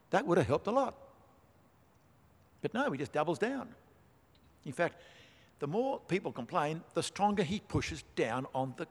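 A man preaching a sermon, emphatic, with rhetorical questions and dry asides. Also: a little high. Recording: long hall reverb.

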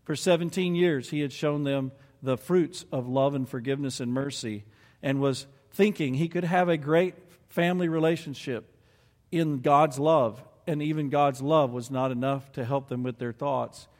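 A man's voice: medium pitch, normal speed, darkish tone, long reverb tail. A man preaching a sermon and reading scripture aloud, earnest and building to emphatic peaks.

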